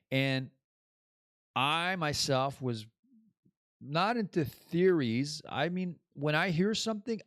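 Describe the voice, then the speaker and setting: A man's voice: a little high, dry recording, clean studio sound. A man hosting his own podcast in a casual, rambling monologue that drifts between topics and laughs at his own jokes. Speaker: podcast host.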